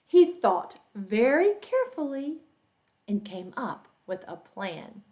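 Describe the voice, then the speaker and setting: A woman's voice: slow, dull audio. A woman English teacher reading a children's story aloud, explaining words and quizzing her young listeners. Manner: animated, adds roars and squeaks for the animals.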